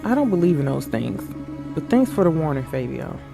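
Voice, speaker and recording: A man reading the lines of a calm male detective who questions guests patiently. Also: fairly high pitch, brisk, gravelly, over music. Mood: steady.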